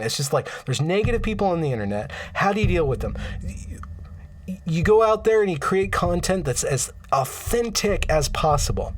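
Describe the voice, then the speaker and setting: A man hosting a casual livestream, rambling and getting impassioned, with frequent stammers and restarts. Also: fairly high pitch. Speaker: livestream host.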